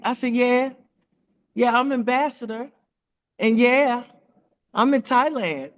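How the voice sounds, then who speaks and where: A woman telling an animated testimony on a video call, acting out quoted voices with big jumps in pitch. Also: unhurried, lo-fi sound. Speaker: team member sharing a testimony.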